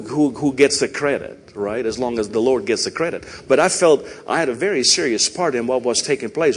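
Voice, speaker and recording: A man's voice: mid-range voice, big-room sound. A man with a Canadian accent preaching a sermon in a church, chatty and conversational, often checking in with "right?" and "you know". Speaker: pastor. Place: church sanctuary.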